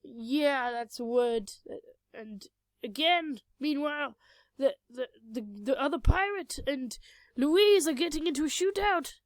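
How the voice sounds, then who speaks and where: A woman's voice: high voice, unhurried, dry recording. A young woman casually retelling a tabletop game session with rambling, self-mocking, crude humor, recorded on a cheap home microphone. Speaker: storyteller recounting a tabletop game. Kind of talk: casual narrated storytelling.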